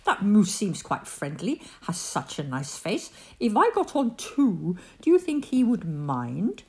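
A woman voicing a tiny, polite male tree spider in a bedtime story, speaking high and prim. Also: huge pitch swings, unhurried, warm tone.

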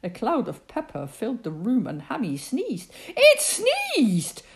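A woman reading a children's story aloud, narrating in an expressive, dramatic way. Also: medium pitch, normal speed, gravelly.

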